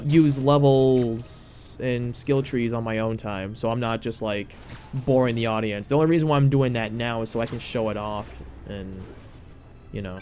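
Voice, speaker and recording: A man's voice: medium pitch, a little mellow. A man co-hosting a let's play, chatting in a teasing, rambling, sometimes sarcastic way while he plays. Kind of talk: casual gaming commentary.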